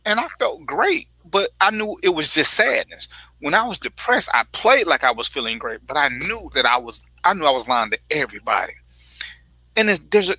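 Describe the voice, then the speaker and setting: A man's voice: fairly high pitch, bright, forceful tone, no room sound, poor audio. A father speaking bluntly and with some profanity in a casual panel talk. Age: adult father. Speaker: panel guest.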